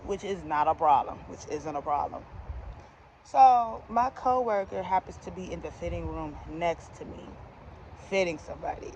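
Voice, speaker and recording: A young adult woman telling a comedic storytime in a casual, slangy, animated way, laughing along as she goes. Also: lowish voice, moderate pace, slight background noise.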